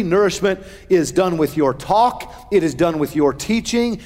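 A man's voice: high voice, a little mellow, long reverb tail. A middle-aged male pastor preaching a sermon, earnest, with folksy humor and shifting emphasis.

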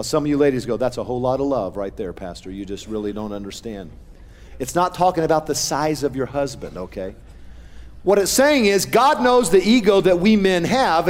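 Middle-aged male pastor, earnest folksy sermon delivery, slightly high voice, long hall reverb. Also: a little mellow. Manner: earnest preaching with folksy humor, varied emphasis.

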